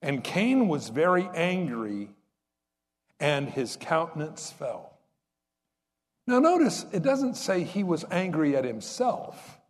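Male pastor, sermon delivery, talks to the congregation with rhetorical questions, fairly high and very animated pitch, long hall reverb. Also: slow pace.

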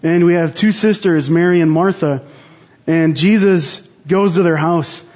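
A man's voice: a little high, a little slow, darkish tone, highs cut off. A man co-hosting a Bible study, teaching in an earnest, rambling way with frequent restarts.

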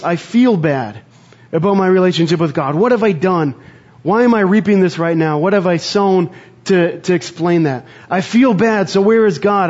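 A man preaching a sermon in an earnest, conversational way, pausing to reflect. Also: sits high, a little mellow, muffled recording. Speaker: pastor.

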